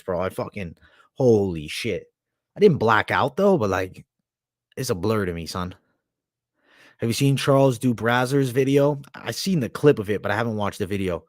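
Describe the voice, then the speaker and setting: A young man rambling on a livestream, cursing freely and tossing out slang in a loose, offhand way. His voice sits in an ordinary middle pitch. The sound is dry and close to the microphone. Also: no room sound. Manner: crude, profanity-heavy slang, rambling. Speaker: livestream host. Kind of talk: casual livestream chat.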